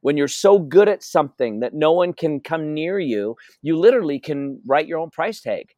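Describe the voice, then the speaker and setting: A man's voice: on the high side, expressive, normal speed, dark tone, no room sound. A man being interviewed as a wealth coach, telling stories with emphasis and repeating his key phrases. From North America. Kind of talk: energetic interview talk.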